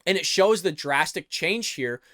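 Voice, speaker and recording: Earnest male vlog host from the US, slightly high voice, dry close recording. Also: lively intonation, a little slow, bright, forceful tone, no room sound. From United States. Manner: earnest, repeats words and restarts, addresses viewers as folks. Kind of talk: political commentary vlog.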